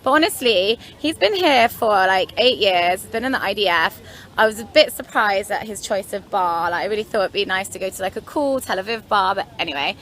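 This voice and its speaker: A woman's voice: mid-range voice, expressive, a little fast, a bit bright. A young woman from London, telling a story to her vlog camera in a chatty, rambling way with frank, wry asides. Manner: chatty, rambling, lots of "anyway" and "like". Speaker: vlogger.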